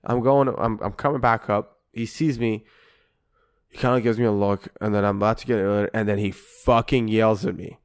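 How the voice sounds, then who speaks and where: A man's voice: lowish voice, a little fast. A man co-hosting a podcast, telling a long story in casual chat, swearing constantly and acting out both sides of an argument. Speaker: podcast co-host.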